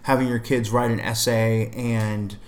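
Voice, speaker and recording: A young adult man, a middle school math teacher, chatting casually with a relaxed storytelling manner. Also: medium pitch, measured pace. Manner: relaxed storytelling, many fillers. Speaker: math teacher and podcast co-host. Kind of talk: casual chat.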